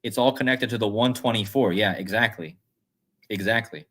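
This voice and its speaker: A man's voice: on the low side, moderate pace, a bit bright. A man hosting a casual livestream, rambling and musing aloud as he reads chat comments. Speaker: livestream host.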